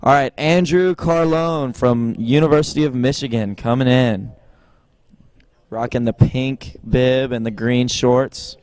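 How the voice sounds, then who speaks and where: A man's voice: medium pitch, unhurried. Wry man calling water ski tricks. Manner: wry, teasing, deadpan jokes. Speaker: tournament commentator. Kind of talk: joking live sports commentary.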